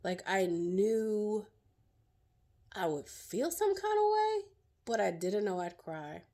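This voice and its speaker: A middle-aged woman sharing her own story as a survivor, in emotional, halting personal testimony full of fillers and restarts. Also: medium pitch, sing-song, warm tone.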